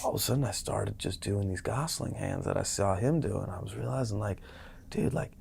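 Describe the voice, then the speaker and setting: A man in his thirties sits in for a casual podcast chat, telling stories with energy and slipping into quick impressions of the people in them. His voice sits a little low, and he drops to a murmur when he imitates someone. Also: vocal fry, a little hiss or hum. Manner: animated storytelling, mimics other people's voices. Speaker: actor guest.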